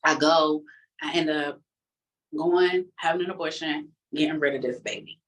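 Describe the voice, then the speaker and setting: A woman's voice: low-pitched, normal speed, far from the mic, low-quality recording. A woman giving a candid, emotional church testimony in a colloquial way, full of fillers. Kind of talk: personal testimony storytelling.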